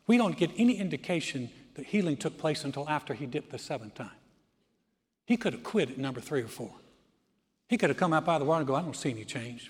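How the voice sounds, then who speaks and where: A pastor preaching a sermon as an animated storyteller, often throwing in "man" and swinging from loud to quiet. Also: a little high, breathy edge. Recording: long hall reverb.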